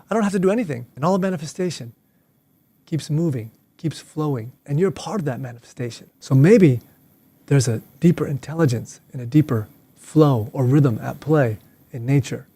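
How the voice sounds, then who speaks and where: A man's voice: fairly high pitch, warm tone, husky, no echo. Playful middle-aged male martial arts teacher. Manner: playful, joking asides. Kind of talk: casual explanatory talk.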